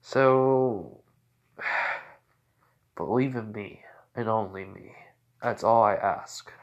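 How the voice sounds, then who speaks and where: A man voicing an immortal fourteen-year-old boy hero who talks in a slow, measured, quietly threatening way. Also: on the low side, highs cut off. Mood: pleading.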